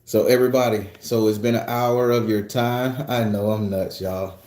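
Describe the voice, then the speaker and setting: Guy on a home livestream, cussing and joking through viewer comments, mellow voice, echoey room. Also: on the low side, steady tone, normal speed. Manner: loose, profane, joking storytelling. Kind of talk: casual livestream chat.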